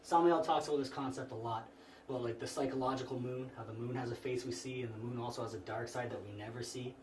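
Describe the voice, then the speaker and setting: A class instructor with a medium-pitched, quick voice gives a relaxed, informal spiritual talk to a small group, often restarting sentences and saying "you know." The room echoes, the mic is distant, and faint noise can be heard.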